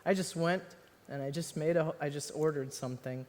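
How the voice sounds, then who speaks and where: A woman's voice: deep voice, brisk, darkish tone. Laughing American woman in an echoey hall. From United States. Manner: rambling, laughs often, self-deprecating. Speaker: author and guest. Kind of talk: live onstage conversation. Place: stage in a large hall before an audience.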